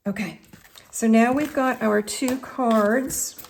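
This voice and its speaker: A woman's voice: a little high, slow pace, gravelly, a little hiss or hum. A woman with a Southern US accent hosting a chatty craft tutorial, talking straight to her viewers in a folksy way. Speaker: craft video host.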